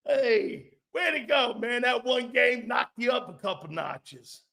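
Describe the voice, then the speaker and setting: A man hosting a sports talk stream, brash and profane, reading chat comments and firing back with loud outbursts and mocking asides. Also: extremely high pitch, sing-song, slow, creaky. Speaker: sports talk show host.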